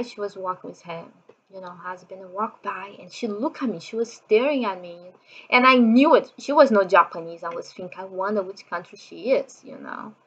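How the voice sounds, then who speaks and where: A woman's voice: on the high side, a bit bright, lo-fi sound. A middle-aged woman from Brazil with a Brazilian Portuguese accent, telling a personal story in a chatty way, full of "you know" fillers and acted-out quotes.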